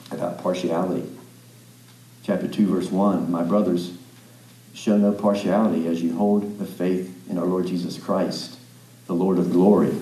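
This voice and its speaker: A man's voice: deep voice, dark tone, roomy sound, rough recording. A man preaching a sermon as a pastor, reading scripture aloud and explaining it plainly, with small restarts and asides. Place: church sanctuary.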